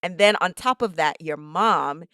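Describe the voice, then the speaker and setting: A woman's voice: on the low side, a little slow, pushed and bright, dry recording, studio quality. A woman from Jamaica with a Jamaican accent, hosting a podcast as an upbeat, teasing interviewer. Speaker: podcast host. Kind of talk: casual podcast chat.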